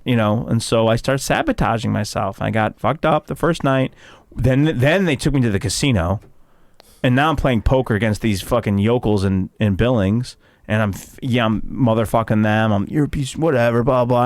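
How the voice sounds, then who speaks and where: A male comedian from Chicago telling stories in casual podcast chat, animated and profane, acting out quotes in a raised voice. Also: mid-range voice, no echo, clean studio sound. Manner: animated storyteller, swears freely, acts out quotes in a raised voice. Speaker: comedian guest.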